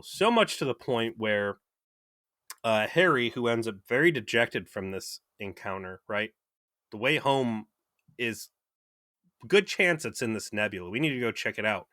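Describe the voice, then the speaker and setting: A man's voice: fairly low pitch, fairly bright tone, no room sound, studio quality. A young man co-hosting a podcast, recapping an episode in wry, casual chat and swearing freely. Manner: wry, swears freely, acts out quoted lines. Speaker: podcast co-host.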